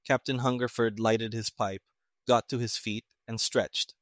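A man narrating an audiobook in a steady, plain storytelling manner. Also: mid-range voice, a little slow, dry recording, studio quality.

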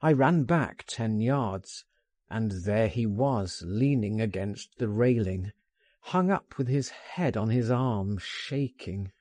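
A man narrating a first-person literary story, reading in an expressive, persuasive, theatrical manner. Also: fairly low pitch, slow pace, dry recording. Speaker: audiobook narrator.

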